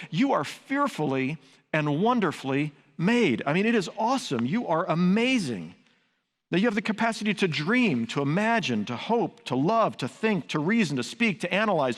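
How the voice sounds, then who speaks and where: An older pastor preaches a sermon in a large church sanctuary, earnest and conversational, blending teaching with personal stories. His voice is high-pitched with a fairly bright tone, and the sanctuary gives the recording a long reverb.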